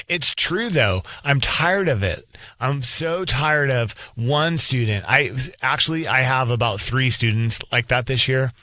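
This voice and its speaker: A teacher in his thirties speaks his mind in a loose, rambling monologue, often restarting his thoughts. His voice sits at an ordinary middle pitch. The sound is dry and close, with no room around it. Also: pushed and bright, no room sound. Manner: candid, rambling, frequent restarts. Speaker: elementary school teacher. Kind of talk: casual opinion monologue.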